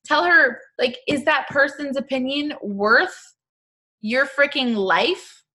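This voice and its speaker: A woman's voice: high-pitched, takes it slowly, bright, forceful tone. Chatty, upbeat woman coaching her team. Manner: casual, chatty, lots of fillers and asides; upbeat and emphatic. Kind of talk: live-stream coaching talk.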